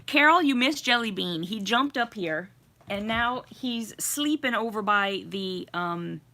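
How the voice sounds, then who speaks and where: A woman's voice: mid-range voice, animated, a little slow. Giggly chatty woman on a home livestream. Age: middle-aged. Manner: giggly, chatty, warm greetings to viewers. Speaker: livestream host. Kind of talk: casual live chat reading comments. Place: home with a fireplace.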